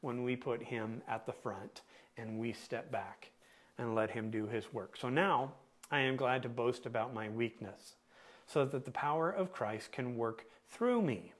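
Male pastor, unhurried sermon delivery, medium voice, rhetorical questions, weighted pauses. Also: medium pitch. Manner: asks the congregation questions, deliberate emphatic pauses.

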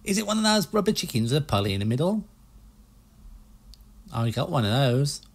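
A man voicing a pushy, fast-talking used-ship salesman with a put-on American salesman accent, reading game dialogue. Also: on the high side, sing-song, slightly rough, pitched above the performer's own voice, exaggerated voice. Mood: smooth salesy. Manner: slick, hard-selling patter.

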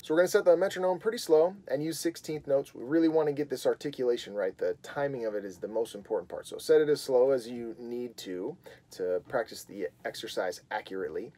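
A man teaching a guitar lesson on video, explaining in a relaxed way and often pausing with fillers. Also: mid-range voice.

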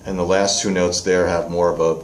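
A man's voice: sits low, level tone, fairly quick, reverberant. A male vocal coach explaining singing technique step by step, with short sung demonstrations.

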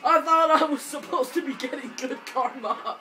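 Excitable guy yelling over co-op gameplay. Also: very high-pitched, normal speed. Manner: excitable, yells and laughs during fights. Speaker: gamer playing co-op with friends. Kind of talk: casual gameplay commentary.

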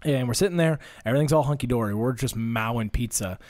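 Young male podcast host, mid-pitch, rambling comic storyteller with self-mocking asides. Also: fast talker, a little mellow.

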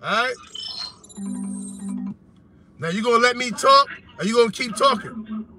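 High-voiced man arguing heatedly. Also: lively intonation, measured pace, over music. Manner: confrontational, repeats himself to interrupt. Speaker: show host. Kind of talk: heated phone argument. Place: in a car.

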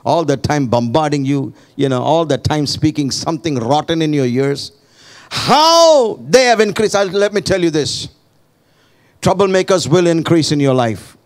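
A man preaching a sermon as pastor to his church, building to shouted, impassioned calls and call-and-response with the congregation. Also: fairly high pitch, normal speed.

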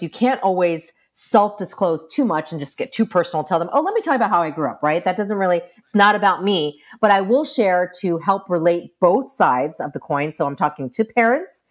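Middle-aged woman therapist guest, low-ish voice, lively anecdotal delivery. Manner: animated storytelling, acts out quoted lines. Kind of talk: casual interview talk.

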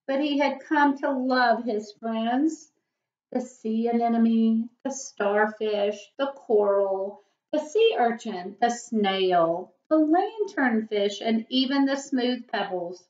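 A woman's voice: a little high, slow pace, a little mellow. A woman teacher reading a picture book aloud expressively, now and then asking her listeners questions. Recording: echoey room, dull lo-fi.

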